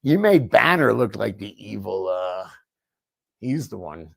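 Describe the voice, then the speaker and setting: A man co-hosting a casual chat, joking and slangy, telling animated stories. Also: on the low side, measured pace, creaky, a little hiss or hum.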